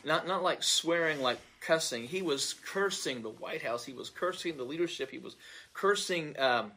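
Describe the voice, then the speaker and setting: A man's voice: fairly high pitch, expressive, moderate pace, bright, forceful tone, slight background noise. A man, a pastor, earnestly recounting a dream in an unscripted monologue, often repeating words as he searches for them.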